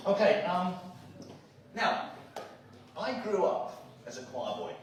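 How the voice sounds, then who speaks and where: A man's voice: high voice, big pitch swings, slow pace, noisy background. A man doing stand-up comedy with songs, chatty and joking, laughing at his own jokes. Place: club stage. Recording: echoey live room from far off, music behind. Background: live music.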